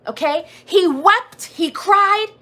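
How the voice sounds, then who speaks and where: A woman with a bright, high voice preaches with fervor. She drives her message through repeated phrases and pointed rhetorical questions as she leads a prayer service. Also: slow pace. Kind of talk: sermon. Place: church or streamed prayer service.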